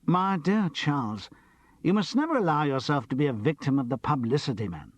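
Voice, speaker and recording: A man putting on a theatrical, high-voiced actor. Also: very animated, fairly quick, dry recording. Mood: drawling. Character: theatrical, nervous young male actor.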